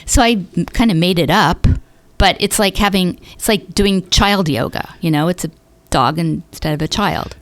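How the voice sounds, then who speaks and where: A middle-aged woman from Northern California, a podcast guest chatting casually and telling lively stories, acting out quoted voices. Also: normal speed, dry recording. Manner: chatty storyteller who acts out quoted voices with big pitch jumps. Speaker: podcast guest, yoga business founder. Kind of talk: casual interview storytelling.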